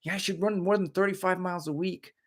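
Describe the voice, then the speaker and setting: A man's voice: sits high, steady tone, quick pace. Joking middle-aged man on a live stream. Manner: joking, rambling, reads viewer comments aloud. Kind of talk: casual live-stream chat.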